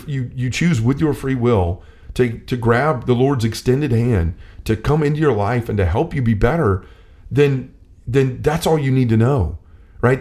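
A man's voice: medium pitch, a little mellow. Earnest man talking through scripture. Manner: earnest, restarts often, acts out quoted lines. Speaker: co-host of a faith discussion. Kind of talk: casual Bible discussion.

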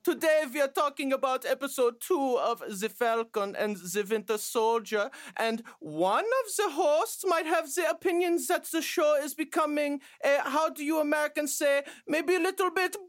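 A man doing an impression of a villainous male European nobleman, with an over-the-top mishmash German-style accent and slow, drawn-out theatrical phrasing for a podcast intro. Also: extremely high pitch, no echo, clean studio sound, pitched above the performer's own voice.

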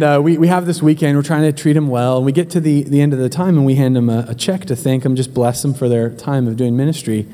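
A man's voice: on the high side, dark tone, long reverb tail. A man preaching as a pastor, telling a humorous story in a chatty, joking way and speaking straight to his congregation. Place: church hall.

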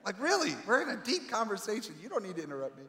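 A man preaching a sermon with emphatic delivery and dramatic pauses, swinging between loud calls and quiet asides. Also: sits high, wildly swooping pitch, a little hiss or hum. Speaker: pastor. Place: large echoey hall. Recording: echoey hall with long reverb.

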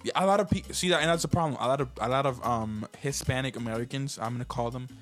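A man from Puerto Rico, co-hosting a casual podcast chat and talking in an animated way. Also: mid-range voice, quick pace, faint music behind. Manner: animated, jumps into mocking parent voices. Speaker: podcast co-host.

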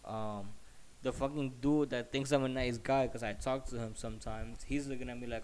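A man's voice: medium pitch, fairly even intonation, moderate pace, a little mellow. A man telling a story in a heated, profane, rambling rant while slightly sick.

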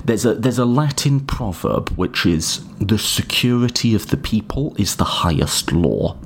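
Guy with a deep husky voice explaining political theory, loose casual lecture, pitch bouncing all over. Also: lively intonation, a little slow, slight background noise. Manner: informal and hedging, often says "sort of"; occasionally swears. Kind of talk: casual spoken lecture with listener questions.

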